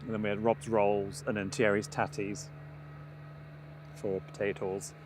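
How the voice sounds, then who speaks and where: A man's voice: on the low side, flat delivery, measured pace. A man co-hosting a live plane-spotting stream outdoors, joking and laughing often in casual chat. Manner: jokey, laughs often, banters. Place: outdoors at an airport. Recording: outdoor stream with clear background noise.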